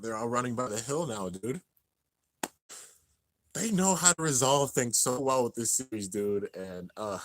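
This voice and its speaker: A young man narrating an anime finale as he watches it live, excited and emotional. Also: mid-range voice, normal speed, no room sound. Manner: excited, narrating on-screen action, drops to near-tears murmurs. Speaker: anime reaction host. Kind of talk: live reaction commentary.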